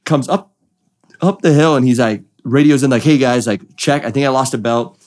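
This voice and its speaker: A young man, a drift racing driver, telling a story with excitement and acting out the voices of the people in it. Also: mid-range voice, normal speed. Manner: excited, acts out voices in quotes. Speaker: drift driver, podcast guest. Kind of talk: animated storytelling.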